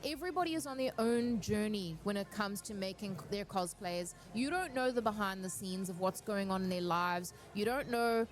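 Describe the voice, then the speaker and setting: A woman speaking on a cosplay panel, giving earnest, encouraging advice and telling stories in an animated way. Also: mid-range voice, moderate pace, few pauses.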